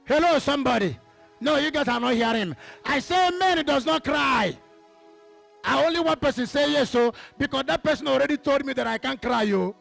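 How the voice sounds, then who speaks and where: A man with a Nigerian accent preaching a sermon as pastor, calling out to the congregation and breaking into sudden shouts. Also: very high voice, quick pace, creaky, soft background music.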